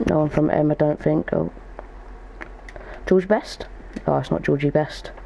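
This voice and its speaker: A man's voice: fairly high pitch, fairly even intonation, a little slow, creaky, mellow, a little hiss or hum, poor audio. A young man giving casual gaming commentary as a YouTuber, thinking aloud as he goes. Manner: chatty, thinks aloud while opening packs.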